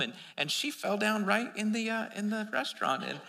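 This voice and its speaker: A man's voice: high voice, lively intonation, normal speed, creaky, hardly any pauses, pushed and bright, long reverb tail. A man preaching a sermon, telling a story in a loose, rambling way with many restarts.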